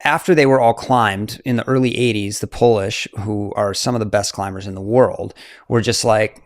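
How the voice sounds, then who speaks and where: A man's voice: fairly low pitch, moderate pace, no room sound, studio quality. A man in his forties, a mountaineer guest, telling his story casually with many fillers and laughs. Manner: animated, fillers, laughs often.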